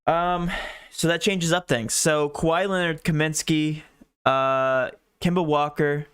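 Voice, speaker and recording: A man co-hosting a casual sports podcast, sounding nasal from a cold, with quick teasing banter. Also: on the high side, steady tone, a bit bright, clear, resonant tone, no room sound, clean studio sound. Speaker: co-host.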